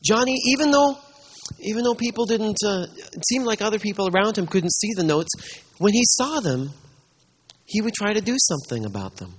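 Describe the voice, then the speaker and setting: A man preaching a sermon, telling a story in an animated way with frequent restarts. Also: high-pitched, fairly quick, long reverb tail, a little hiss or hum.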